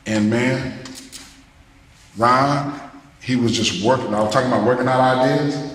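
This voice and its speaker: A man talking to students in a loose, animated way, breaking into scatted rhythms between his stories. His voice sits at an ordinary pitch and booms around a big echoey hall with a long reverb tail and faint background noise. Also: unhurried. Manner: animated, scats rhythms, loose casual phrasing. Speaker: jazz musician giving a masterclass. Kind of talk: storytelling talk to students.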